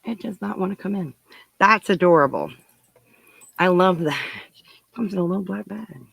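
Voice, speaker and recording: A woman's voice: lowish voice, lively intonation, moderate pace, creaky, slightly rough, dry recording, rough recording. A woman hosting her crafting channel, chatting casually to viewers as she opens their parcels, gushing and giggling often. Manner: thinks aloud while unwrapping. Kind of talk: casual unboxing chat to viewers.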